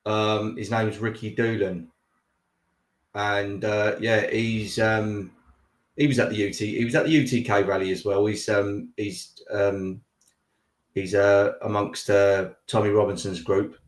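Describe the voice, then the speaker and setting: A man's voice: fairly low pitch, level tone, unhurried. Rambling man, echoey room. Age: 30s. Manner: rambling, repeats words, heated. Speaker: interview host. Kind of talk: casual interview chat.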